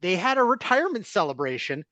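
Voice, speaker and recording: A man's voice: sits high, very animated, fast, sharp tone, no echo. A man hosting a casual sports podcast, ranting as he stacks up complaints.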